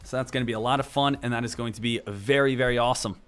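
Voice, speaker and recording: A man's voice: mid-range voice, steady tone, racing, fairly bright tone, clear, resonant tone, faint music behind. A man hosting a live stock trading stream, chatty and upbeat, repeating himself and calling viewers "team". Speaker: stock trading livestream host.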